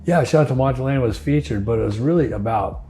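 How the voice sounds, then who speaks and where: Older man, easygoing and mellow. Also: mid-range voice, fast, soft background music. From United States. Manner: easygoing, rambling, restarts phrases, chuckles often. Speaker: winery owner interviewee. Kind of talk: relaxed conversational interview.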